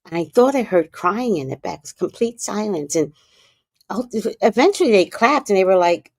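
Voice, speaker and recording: A woman hosting a livestream, telling a story in a casual, animated way, with hushed asides and loud, profane outbursts. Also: mid-range voice, normal speed, creaky, no room sound, clean studio sound. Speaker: livestream host.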